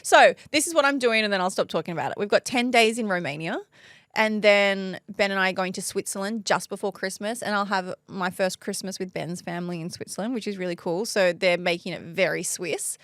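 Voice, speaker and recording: A woman's voice: mid-range voice, a little fast, a bit bright, no echo. Aussie woman in her 30s chatting on a podcast, laughs a lot, dry close mic. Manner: chatty, laughs often, self-mocking jokes. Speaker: podcast co-host. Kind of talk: casual chat.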